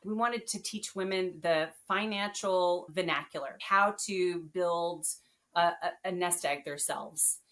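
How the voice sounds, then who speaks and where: A woman guest on a podcast, telling her story in a casual, animated and earnest way. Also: lowish voice, unhurried.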